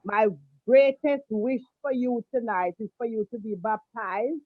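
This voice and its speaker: A woman speaks warmly, calling people darling and honey over a video call. Her voice is high, and the audio is dull and dry. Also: a little slow, no room sound. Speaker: guest. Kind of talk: casual video call chat.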